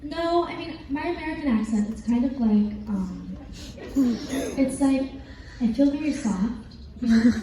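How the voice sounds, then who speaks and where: This panel guest, a teenage actress with an English accent, answers fan questions in a large convention hall. Her voice sits high with lively intonation and a measured pace, and she's chatty, giggly, and rambling with plenty of fillers. The recording is distant and echoey, with faint noise.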